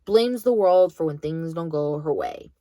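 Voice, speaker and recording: A woman's voice: deep voice, expressive, unhurried, mellow, no echo. A young woman in college venting bluntly about her grandmother, swearing freely in a bitter monologue. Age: young adult. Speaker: vlogger.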